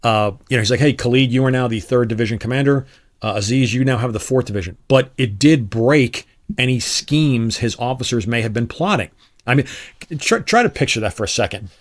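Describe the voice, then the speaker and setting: Middle-aged man, retired officer, lively storyteller with a mid-range voice who voices the people in his anecdotes, relaxed interview delivery. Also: medium pitch, brisk. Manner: animated storyteller who acts out quoted dialogue. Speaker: retired Army Special Forces officer, guest.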